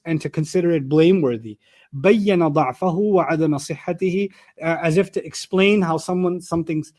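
A man's voice: on the high side, darkish tone. A man giving an explanatory lecture on scripture, reading out Arabic terms and then explaining them in plain words. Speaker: Quran teacher.

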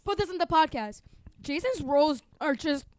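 A young woman with a voice gone raspy from laughing, chatting and swearing casually between takes. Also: high-pitched, lively intonation, moderate pace.

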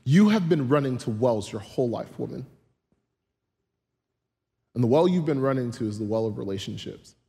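A preacher voicing Jesus as a calm, gently knowing man in a retold Bible story. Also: mid-range voice, moderate pace, vocal fry, long pauses, big-room sound. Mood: gentle, earnest.

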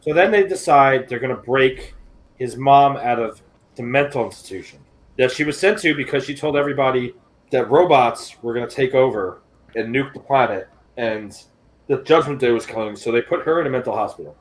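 A man's voice: medium pitch, a little fast, rough recording. A man co-hosting a casual podcast, talking in a sardonic, profane storytelling way. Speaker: podcast co-host.

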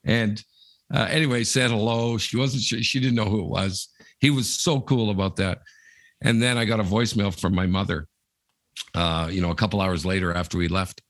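Gravelly-voiced man rambling through a story. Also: lowish voice, steady tone, moderate pace, no echo, studio quality. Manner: rambling storyteller, many fillers. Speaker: podcast co-host. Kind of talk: casual chat.

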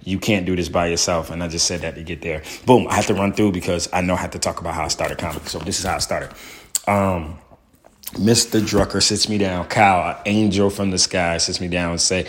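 A man, a stand-up comedian, telling his own story in a loose, profane way full of fillers and "boom". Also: fairly even intonation, a little fast. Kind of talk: casual storytelling.

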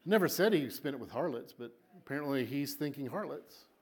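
A man preaching a sermon to a congregation. He tells the story dramatically, repeats words for emphasis, and swings between loud and soft. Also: mid-range voice, lively intonation, a little fast. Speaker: pastor.

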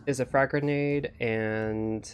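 A man's voice: mid-range voice, fairly even intonation, slow pace, clean tone, faint music behind. A man narrating as game master, describing the action steadily and checking the rules aloud.

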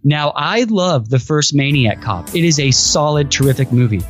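A man's voice: fairly high pitch, animated, normal speed, soft background music. A man co-hosting a podcast in casual chat, enthusiastic and rambling, often restarting his sentences. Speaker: podcast co-host.

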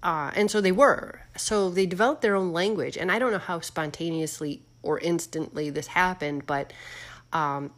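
A woman hosting a casual chat, musing out loud with lots of fillers and questions for her listeners. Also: on the low side, normal speed. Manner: musing, rambling, full of fillers; asks the audience questions. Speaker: host.

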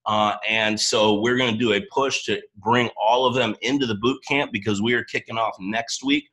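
A man hosting a coaching boot camp call, talking in an energetic, rambling, excitable way with an early-morning voice. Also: lowish voice, normal speed, low-quality recording. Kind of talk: upbeat livestream talk to a team.

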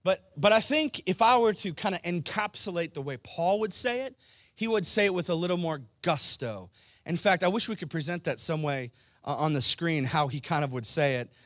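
A man preaching a sermon, talking casually with his congregation and asking them questions, then building to loud, emphatic outbursts. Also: on the high side, expressive, normal speed, no echo, clean studio sound. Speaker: pastor. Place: church.

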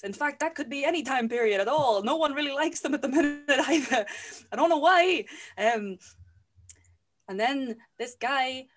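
A woman's voice: a little high, a little slow. A young woman from the UK telling a comic story in casual podcast chat, playful and giggly. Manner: playful, giggly, animated riffing.

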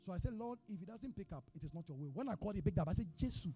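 Lively high-voiced Ghanaian preacher man. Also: rapid-fire, slightly rough, faint music behind. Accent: Ghanaian English. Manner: animated storyteller, swings from hushed to shouting. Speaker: pastor. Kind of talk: sermon with personal storytelling.

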